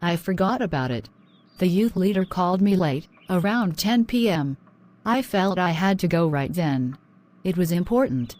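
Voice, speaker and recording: A woman playing a shy, troubled young student in a cartoon story, in a fairly low, subdued and hesitant voice. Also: expressive, moderate pace, a little mellow, natural voice. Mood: apologetic. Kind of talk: animated story voice acting.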